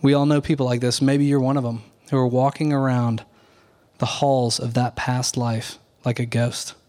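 A man, a pastor, preaching an earnest Sunday morning sermon at a measured, deliberate pace, pausing on key words. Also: mid-range voice, dark tone.

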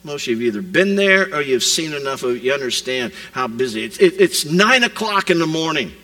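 A man preaching a sermon, retelling scripture as a vivid modern scene, rising loud and dropping to a hush. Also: fairly high pitch, a little fast, rough recording. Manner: animated storytelling preacher, swings from loud to hushed. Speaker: pastor.

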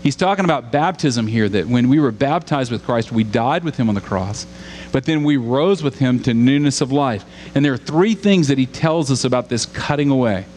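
A man's voice: mid-range voice, lively intonation, moderate pace, a little mellow. A man from Louisiana preaching a sermon, earnest and questioning the congregation, building to emphatic repetition. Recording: long hall reverb with faint hum.

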